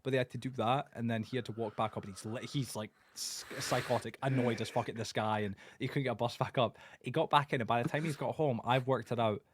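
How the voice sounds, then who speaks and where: Fast-talking young man, swearing. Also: medium pitch, a little hiss or hum. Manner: swears constantly, animated storytelling. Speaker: podcast co-host. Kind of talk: casual chat.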